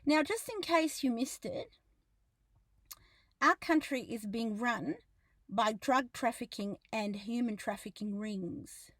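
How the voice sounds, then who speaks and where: A woman's voice: on the high side, takes it slowly, no room sound. A woman delivering an impassioned video monologue as an activist, speaking in an indignant, emphatic and accusing way. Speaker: activist commentator.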